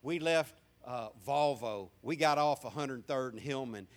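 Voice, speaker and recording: A man's voice: medium pitch, measured pace. A man in his fifties with a Southern American accent, preaching a sermon in a folksy, humorous storytelling manner.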